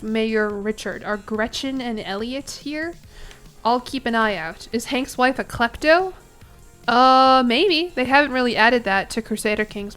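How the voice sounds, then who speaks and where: Woman streamer w a kinda high voice just chatting w chat while she plays, giggly asides, faint music under it. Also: a bit bright, smooth. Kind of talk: casual live game stream chat.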